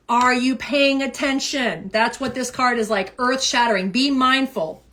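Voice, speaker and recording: Woman tarot reader, casual stream, higher-pitched, punchy repeated phrasing. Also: measured pace, hardly any pauses. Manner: animated, emphatic, repeats phrases. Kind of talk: casual tarot reading livestream.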